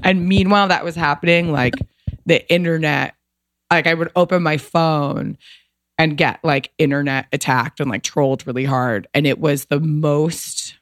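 A woman's voice: low-pitched, steady tone, normal speed, dry recording, studio quality. A woman in her thirties, a podcast guest, telling a personal story candidly and emotionally, swearing casually and filling with "like".

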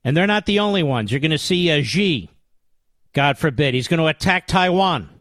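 A man's voice: fairly high pitch, animated, moderate pace, a bit bright, no echo. A man hosting a political talk radio show, delivering a combative, indignant monologue with emphatic repetition.

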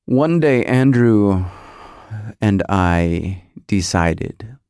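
A man's voice: fairly low pitch, expressive, extremely slow, a little mellow, clean tone, no room sound. Rambling, nostalgic American man, dry sound. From United States. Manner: nostalgic, self-interrupting, searches memory aloud. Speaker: podcast host. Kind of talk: rambling monologue.

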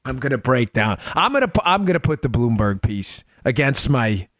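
A man's voice: mid-range voice, very animated, moderate pace, fairly bright tone, no echo. A male podcast host giving political commentary, exasperated and sarcastic, rambling with restarts at a close mic.

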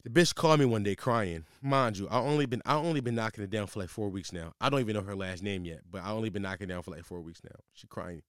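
A man's voice: quick pace, few pauses, clear, resonant tone, no room sound, studio quality. Slangy young man telling a story. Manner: profane, slangy, animated; voice jumps high when exasperated. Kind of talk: casual storytelling.

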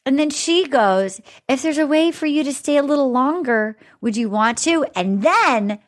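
Woman, podcast host, high voice, animated, acts out quotes. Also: normal speed. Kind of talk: casual recap chat.

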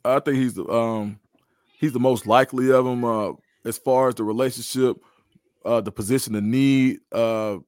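A man's voice: medium pitch, no room sound, studio quality. A man, a guest analyst in a podcast interview, talks through football recruiting in a confident, analytical way. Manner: confident, analytical, animated storytelling.

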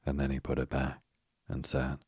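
A man reading a children's storybook aloud as narrator, calm and unhurried. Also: a bass voice, breathy edge, dry recording, studio quality.

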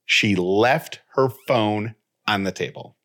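A podcast co-host with a lowish voice takes his time telling a story casually. He's animated, acting out the dialogue as he goes and retelling events through quoted lines.

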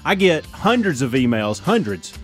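A man's voice: medium pitch, big pitch swings, moderate pace, faint music behind. A man co-hosting a radio show, upbeat and self-mocking in casual studio banter.

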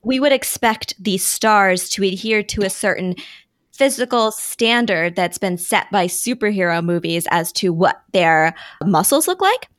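Lively woman podcast co-host. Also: medium pitch, unhurried, no room sound, clean studio sound. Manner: animated, enthusiastic, swears. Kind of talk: casual group chat.

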